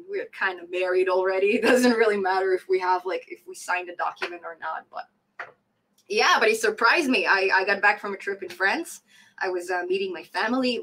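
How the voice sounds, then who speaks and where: A woman's voice: mid-range voice, a bit bright, slight background noise, low-quality recording. Chatty woman hosting a coding live stream. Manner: chatty, laughs often, repeats phrases for emphasis. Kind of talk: casual live-stream Q&A reading chat comments.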